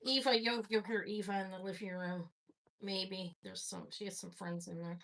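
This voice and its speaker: A woman's voice: medium pitch, steady tone, normal speed, creaky, a bit bright. A woman hosting a live jewelry sale stream, chatting casually and rambling as she greets viewers by name.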